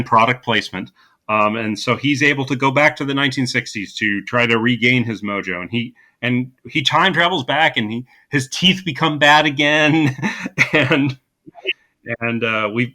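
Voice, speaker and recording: A man's voice: mid-range voice, moderate pace, sharp tone. A man co-hosting a podcast, recapping a movie in casual chat with dry sarcastic jokes and many ums and restarts. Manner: dry sarcastic humor with frequent fillers and restarts. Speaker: podcast co-host.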